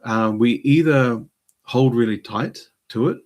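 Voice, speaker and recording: Guy from new zealand rambling on his live stream, lots of ums, mid pitch. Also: unhurried, darkish tone. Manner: rambling, hesitant, many ums. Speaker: channel host. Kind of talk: casual live-stream monologue.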